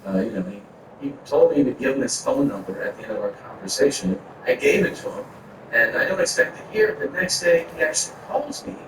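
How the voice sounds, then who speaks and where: A man's voice: medium pitch, very animated, a little fast. A man doing stand-up comedy on a club stage, telling long stories in a rambling, profane, conversational way. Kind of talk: stand-up storytelling. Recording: very echoey, far-off mic, noisy.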